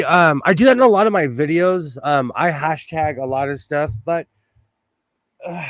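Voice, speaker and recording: A young adult man with a voice on the high side chats casually on a livestream from his home sewing room, recorded dry. He rambles through asides and laughs often, with his phone close by as the microphone.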